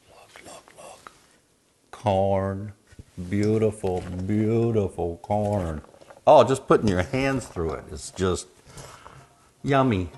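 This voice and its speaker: Folksy, chatty man from Texas, fairly low voice. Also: slight background noise, low-quality recording. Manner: folksy, chatty, joking asides to viewers. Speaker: home cooking vlogger. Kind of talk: casual cooking demonstration. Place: home kitchen. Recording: bacon sizzling and frying in the kitchen.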